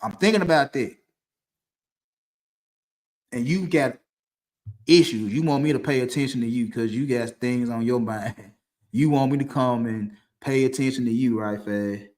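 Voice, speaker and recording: A man's voice: mid-range voice, normal speed, long pauses, darkish tone. Man telling a story in a loose, rambling way. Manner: loose, conversational, with frequent restarts and laughs. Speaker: podcast host. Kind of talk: casual storytelling to camera. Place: dim room indoors. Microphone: streaming setup mic.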